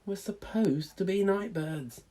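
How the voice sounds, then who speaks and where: A man doing a squeaky little baby owl. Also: measured pace, dark tone. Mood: nervous. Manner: high squeaky childlike voice, eager. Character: small young male baby barn owl, always hungry.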